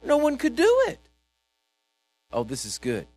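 Fired-up male preacher, high voice, repeats himself, big swings in volume, dry recording. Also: a little slow, no room sound. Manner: animated, repetitive, swings from shouting to quiet asides. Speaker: pastor. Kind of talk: sermon.

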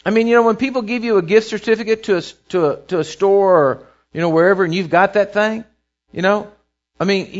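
A pastor delivers his sermon in a high, light voice, swelling loud through runs of repeated phrases and sinking quiet between them. The recording sounds muffled and lo-fi, like a church tape. He is a man preaching to his congregation. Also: quick pace. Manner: preaching with rising and falling intensity, repeating phrases.

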